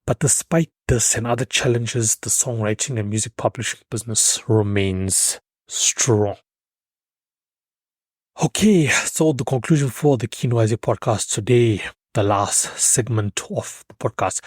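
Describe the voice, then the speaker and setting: A man's voice: medium pitch, unhurried, no room sound. A man hosting his own podcast, talking loosely and emphatically with fillers and restarts. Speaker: podcast host. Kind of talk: solo podcast commentary.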